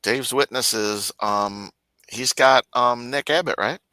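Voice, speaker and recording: A man's voice: medium pitch, takes it slowly, dry recording. A man in casual chat on a live stream, telling stories and mimicking others. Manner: animated storytelling, mimics others in raised voice.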